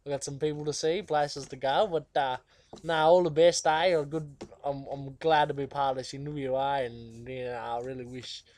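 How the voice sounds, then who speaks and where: A man's voice: mid-range voice, fairly even intonation, normal speed, a little mellow, natural voice. A man playing a cheeky Aussie guitarist. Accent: Australian. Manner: rambling, slangy, full of fillers. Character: cheeky laid-back male outback guitarist. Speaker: musician being interviewed. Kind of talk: comedic character interview.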